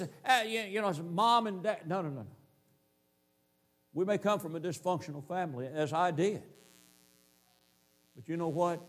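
A man preaching a sermon, emphatic, slowing down to stress key phrases and repeating his points in lists. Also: on the high side.

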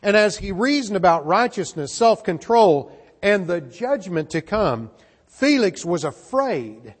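A man with a notably high voice delivering an earnest sermon, stumbling over and repeating words as he goes. His voice rings out with a long hall reverb behind it. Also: big pitch swings, measured pace, husky. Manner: earnest, frequent word repeats and restarts. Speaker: preacher.

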